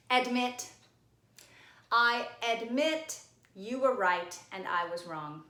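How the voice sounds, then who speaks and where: A woman teacher giving a recorded spelling lesson, playful and teasing, sounding words out slowly. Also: on the high side, pushed and bright, echoey room.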